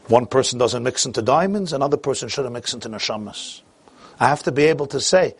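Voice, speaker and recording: A man's voice: mid-range voice, lively intonation, fairly quick, vocal fry, breathy edge, no room sound. A man telling a story in a sermon, acting out the characters and growing emphatic as he drives his point home. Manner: grows emphatic and exclamatory as he builds a point.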